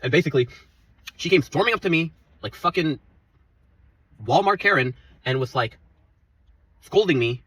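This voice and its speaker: A man's voice: a little high, animated, normal speed, long pauses, a bit bright, breathy edge, no echo, recorded from a distance, low-quality recording. A young man venting in a profane, rambling, heated rant about quitting his job, out of breath from talking. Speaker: former coffee shop worker venting. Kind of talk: angry rant to camera.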